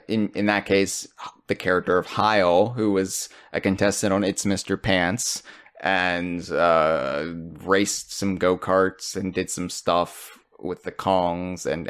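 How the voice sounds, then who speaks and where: A man hosting a casual podcast chat, joking around and jumping into high, excited bursts. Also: clean tone. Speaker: podcast host.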